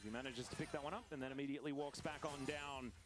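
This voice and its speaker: A man casting esports play-by-play, calling the action quickly and energetically. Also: medium pitch, over music. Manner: fast, energetic calls with sponsor reads. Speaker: play-by-play caster.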